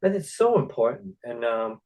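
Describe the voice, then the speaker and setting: A man hosting a casual interview show, upbeat and quick to laugh, with a Long Island accent. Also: medium pitch, big pitch swings, a little mellow, rough recording. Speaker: podcast host.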